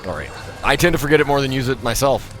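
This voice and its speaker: A man live-streaming a video game, thanking subscribers, joking, and bursting out loudly at the action. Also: medium pitch, lively intonation, quick pace, faint music behind. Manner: loud sudden outbursts while playing.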